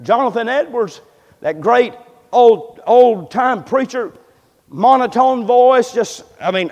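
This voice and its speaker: A man preaching a sermon in a church, moving from hushed, low passages to loud, fervent ones. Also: in a large hall. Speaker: pastor. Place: church sanctuary.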